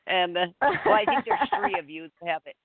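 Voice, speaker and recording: Calling in over a tinny, dry phone line, a woman co-hosting a talk radio show tells a story earnestly, rambling and restarting often. Her voice is on the low side, animated and brisk.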